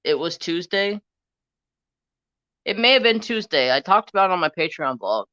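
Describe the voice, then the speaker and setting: A man's voice: high-pitched, expressive, normal speed, sharp tone, no room sound, highs cut off. A man hosting a casual crafting live stream, rambling through a story and getting heated as he retells an argument.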